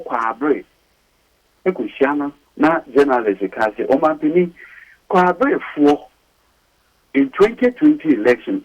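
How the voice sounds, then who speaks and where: A man with a Ghanaian accent giving emphatic radio talk as a lawyer guest, repeating his points with sharp rises. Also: on the high side, poor audio. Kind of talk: animated radio talk mixing English and Twi. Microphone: studio mic.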